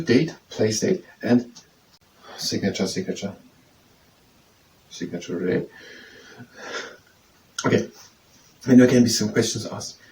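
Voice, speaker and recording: A man, tutoring by slowly repeating French phrases and testing how they sound, then leading simple wrist exercises. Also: lowish voice, darkish tone. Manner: slow, repetitive, trying out pronunciations. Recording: distant mic with faint background noise.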